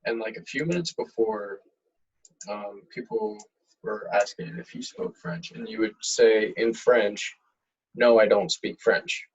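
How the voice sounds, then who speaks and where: A man's voice: lowish voice, a little slow, vocal fry, slightly rough, highs cut off. A young man chatting casually and jokily about old memories. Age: young adult. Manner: laid-back, jokey, animated when retelling. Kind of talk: casual reminiscing chat.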